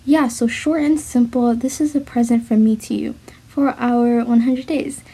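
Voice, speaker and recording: A woman's voice: a little high, steady tone, normal speed, warm tone, breathy edge. A young woman with a slight lisp recording a casual, heartfelt voice message to her partner, rambling and mumbling with many restarts.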